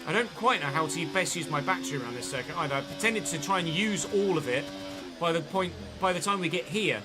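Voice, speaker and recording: A man's voice: on the high side, animated, quick pace, music in the background. An English man chatting and thinking aloud as he commentates on his own live gameplay stream. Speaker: game streamer.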